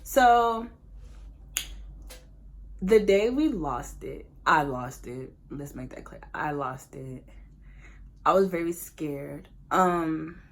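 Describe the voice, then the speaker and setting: A young woman talking straight to her viewers in a casual storytime vlog, candid and animated. Her voice sits a little low for a woman, and she jumps between slang, laughter and earnest confession. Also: slow, long pauses. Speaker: vlogger.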